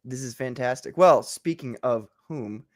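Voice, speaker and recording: A man's voice: mid-range voice, a little slow, dry recording, studio quality. A man hosting a casual live-streamed chat show, joking, laughing often and tripping over his words. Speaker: talk show host.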